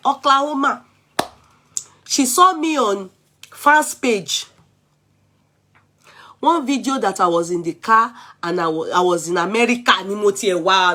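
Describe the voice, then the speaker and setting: A Nigerian woman vlogger in an animated, chatty rant, switching freely between English, Yoruba and pidgin. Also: medium pitch.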